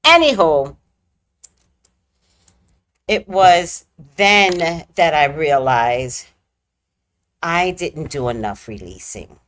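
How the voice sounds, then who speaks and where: A woman casually telling a personal story on her vlog, laughing often and swinging between squealing highs and hushed lows. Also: big pitch swings, drawn-out words, pauses often. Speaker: vlogger.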